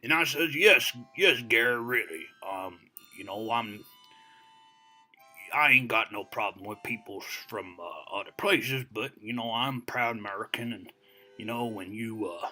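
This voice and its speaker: Voiced by a man, a boastful old-timer over 60 rambles through a comedic monologue, drifting into digressions in a folksy drawl stuffed with "you know." The heavily acted, unhurried delivery is slightly low-pitched but very bright and forceful, with faint music behind.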